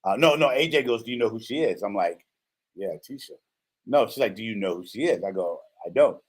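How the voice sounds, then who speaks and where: This host, a man in his fifties with a voice on the low side, talks fast while telling a story on a casual show. He acts out the quotes with energy and often tosses in "right?"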